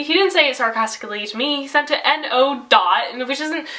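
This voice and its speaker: High bright teenage girl venting. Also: fairly quick, few pauses, rough recording. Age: teens. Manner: rambling, exasperated, lots of "like". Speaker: video diary vlogger. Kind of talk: casual venting vlog.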